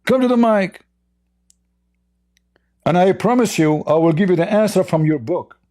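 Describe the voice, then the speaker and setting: A man's voice: high-pitched, animated, normal speed, mellow. Mocking, combative man hosting a call-in debate. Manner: mocking, combative, laughs at callers. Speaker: host of a call-in debate stream. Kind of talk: live call-in religious debate.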